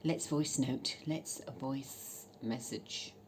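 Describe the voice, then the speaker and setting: A woman chatting casually as a vlogger, cheeky and bawdy, swearing freely and bursting into loud laughs. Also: very deep voice, extremely slow, slight background noise. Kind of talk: casual chat reading dating messages aloud.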